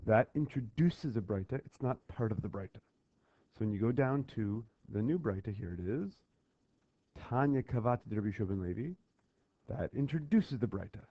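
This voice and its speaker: A male teacher talking students through a worksheet on a Talmud text, with lively call-and-response drills and repeated checks for understanding. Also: fairly low pitch, normal speed. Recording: dull lo-fi voice recording.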